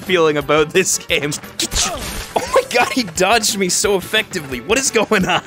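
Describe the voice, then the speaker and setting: A man's voice: fairly high pitch, lively intonation, normal speed, sharp tone, soft background music. A young man hosting a gaming video, with goofy, joke-filled commentary and frequent laughter. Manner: goofy, laughs often, jokey asides to the viewer. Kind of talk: let's-play commentary.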